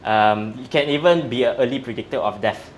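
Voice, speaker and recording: A man's voice: medium pitch, brisk, slight background noise. A man, a strength coach, explaining in an interview in a methodical, step-by-step way. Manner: methodical, breaks facts down step by step.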